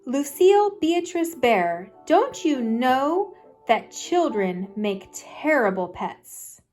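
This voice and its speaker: A woman's voice: high voice, big pitch swings, slow pace, a little mellow, voice pushed up, exaggerated voice. A woman voicing a firm, no-nonsense mother bear in a storybook read-aloud, with faint music behind. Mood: stern.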